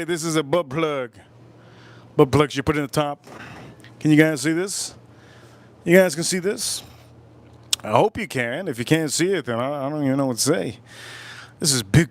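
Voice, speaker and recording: A man hosting a casual livestream while drinking, rambling, repeating himself, and cracking crude jokes. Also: on the high side. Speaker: livestream host.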